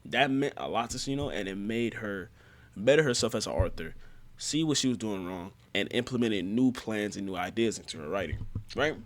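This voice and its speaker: A young man giving a casual manga review, excitable and slangy, often laughing as he recaps the plot. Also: fairly low pitch, normal speed.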